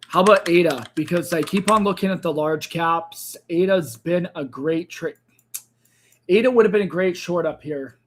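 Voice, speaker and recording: A man's voice: high voice, moderate pace, a little hiss or hum. Man thinking aloud over trading charts. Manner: thinks aloud, second-guesses himself mid-sentence. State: losing his voice. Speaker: crypto trading livestream host. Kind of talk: casual live market commentary.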